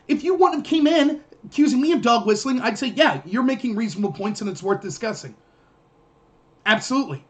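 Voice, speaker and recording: A man's voice: very high-pitched, very animated, a little fast. A man hosting a political livestream, heatedly and sarcastically answering comments from his chat. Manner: combative, sarcastic, ranting.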